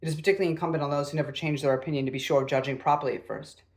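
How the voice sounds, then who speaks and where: A man reading as a sharp-tongued young woman. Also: a little high, steady tone, very fast, creaky. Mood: teasing. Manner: reading dialogue aloud with light emphasis.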